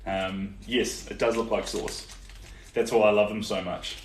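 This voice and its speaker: Young man, New Zealand accent, laid-back chatty live stream, deep-ish voice, far from the mic, faint hiss. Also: unhurried. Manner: relaxed and chatty, many ums, answers viewer comments. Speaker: artist livestreaming a painting session. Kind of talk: casual live-stream chat while painting. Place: indoor art studio. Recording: roomy echo, distant from the mic, faint background noise.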